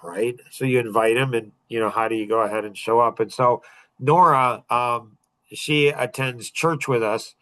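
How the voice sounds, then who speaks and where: A man's voice: medium pitch, moderate pace, fairly bright tone, dry recording, low-quality recording. A middle-aged man hosting a podcast, chatting casually to a small group and rambling with many fillers and restarts. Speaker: podcast host and coach.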